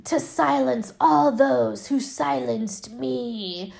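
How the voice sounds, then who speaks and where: A woman voicing a vengeful female ghost doll, slow and eerie when she retells a horror film. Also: high-pitched, vocal fry, a little mellow, heavily acted. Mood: menacing.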